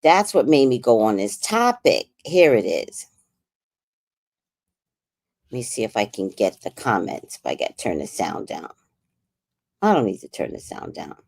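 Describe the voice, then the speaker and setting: A woman with a New York accent talks through a livestream in a low, husky-bottomed voice that swoops up and down with lively intonation. She is outspoken and swears freely, addressing viewers directly. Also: unhurried, long pauses. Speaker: livestream commentator. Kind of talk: casual livestream commentary.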